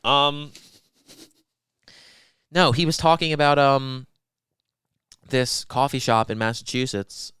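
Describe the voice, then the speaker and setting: A man's voice: mid-range voice, slow, long pauses, a bit bright, smooth, no echo. A young man co-hosting a podcast, rambling and swearing casually as he retells stories and imitates the people in them. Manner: rambling, profane, mimics people in quoted voices. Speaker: podcast co-host.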